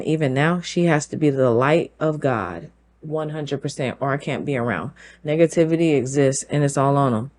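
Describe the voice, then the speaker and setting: A woman hosting her own show, talking through a forceful opinion monologue, firing off rhetorical questions and laughing between points. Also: sits low, slight background noise. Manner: emphatic, fires rhetorical questions. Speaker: show host.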